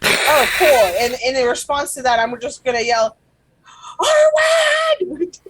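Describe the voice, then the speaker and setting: A woman's voice: a little high, fairly even intonation, normal speed, very noisy. A woman player reacting expressively with laughter on a tabletop game stream. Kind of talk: casual chat on a game stream.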